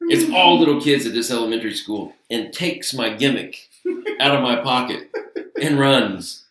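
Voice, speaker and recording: A man co-hosting a podcast, telling excited, animated stories in casual chat. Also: mid-range voice, moderate pace. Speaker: podcast co-host. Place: podcast studio. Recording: roomy and distant from mic.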